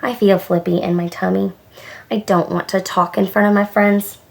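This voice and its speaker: A woman voicing a nervous small boy who speaks softly and hesitantly in a storybook. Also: mid-range voice, little pitch movement, normal speed, creaky, close to an everyday voice. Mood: shy. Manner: soft, hesitant.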